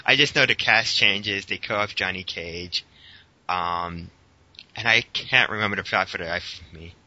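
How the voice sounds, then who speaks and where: A man with a very bright, lower-pitched voice, chatting loosely about films on a podcast. He rambles with plenty of ums and laughs as he goes. The recording is dull and lo-fi. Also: moderate pace. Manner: laughs often, rambling with fillers. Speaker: podcast co-host. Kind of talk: casual movie review chat.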